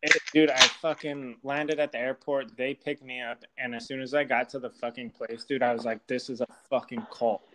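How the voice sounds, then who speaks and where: A man's voice: mid-range voice, level tone, normal speed, few pauses, noisy background. A young man rambles through a story in loose, casual podcast chat. He swears freely and leans on fillers as he talks. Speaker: storyteller guest.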